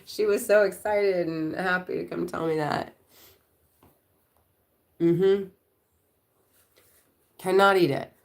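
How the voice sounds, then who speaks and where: A woman's voice: lowish voice, fairly even intonation, takes it slowly, creaky, pauses often, a little mellow. A middle-aged woman hosting a casual livestream, chatting and telling rambling stories about her daughter. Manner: rambling, chatty, storytelling with quoted voices. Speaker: livestream host.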